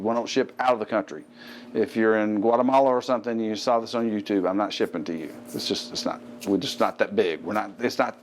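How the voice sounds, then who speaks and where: A man's voice: fairly low pitch, a little mellow. A middle-aged man with a Southern American accent, hosting a fitness show and chatting casually about a product with joking asides. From Gulf Coast of the US. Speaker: host.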